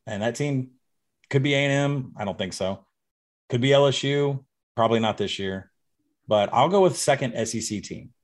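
A man's voice: mid-range voice, normal speed. A man from Arkansas, a betting guest on a podcast, giving confident, emphatic predictions in casual chat. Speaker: college football betting guest.

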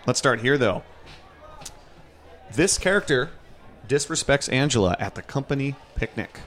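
A man's voice: medium pitch, animated, moderate pace, fairly bright tone. A man hosting a trivia segment on a podcast, speaking in an easygoing way. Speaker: trivia host. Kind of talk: casual chat.

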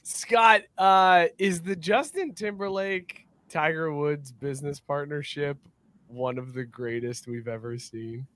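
A man co-hosting a sports podcast, loud, excitable and profane, in casual chat. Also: on the high side, measured pace. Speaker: podcast co-host.

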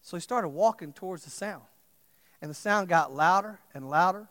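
A male pastor preaching a sermon, swinging from loud impassioned calls to quiet storytelling. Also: high voice, normal speed, long reverb tail.

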